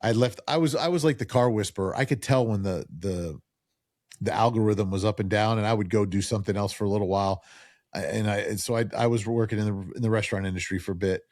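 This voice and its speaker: A middle-aged man from New Jersey, a podcast guest telling lively stories in casual chat and acting out the people he quotes. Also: fairly low pitch, fast talker, dry recording, clean studio sound. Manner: animated storyteller who acts out quoted voices.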